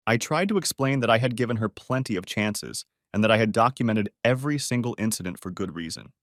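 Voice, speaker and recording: A man narrating a scripted first-person story in a steady, expressive way. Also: lowish voice, quick pace, hardly any pauses, no room sound, studio quality.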